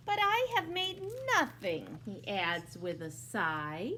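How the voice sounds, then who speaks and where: A woman librarian reading a picture book aloud at a preschool storytime, pausing to ask the young listeners questions. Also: fairly low pitch, sing-song, pushed and bright, slight background noise. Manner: slow, sing-song, asks young listeners questions. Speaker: children's librarian.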